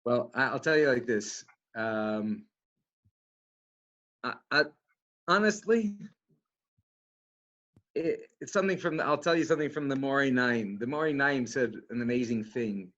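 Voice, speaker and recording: A rabbi speaking in a casual, halting way with many restarts and fillers. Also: male voice, mid-range voice, animated, fairly bright tone. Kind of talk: casual talk. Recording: dull lo-fi sound.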